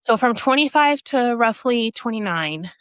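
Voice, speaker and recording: A woman's voice: fairly high pitch, animated, normal speed, fairly bright tone, clean tone, dry recording, studio quality. A woman telling a personal story as a podcast guest, animating it by acting out other people's lines and her own reactions, in a casual, restart-filled way. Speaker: podcast guest, app founder.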